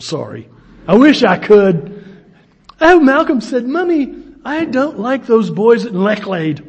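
A man in his sixties preaching a sermon, telling folksy stories with a self-deprecating wink. His voice sits high for a man and sounds husky. The recording is dull and lo-fi. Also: a little mellow. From United States.

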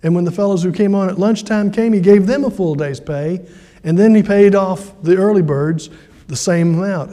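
A high-pitched, mellow-toned man preaches a sermon in a church, his voice ringing with a long hall reverb. He slips into quoted voices with sudden rises in pitch, then drops back into his steady pulpit delivery. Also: normal speed. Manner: acts out quoted voices with lively pitch jumps. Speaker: pastor.

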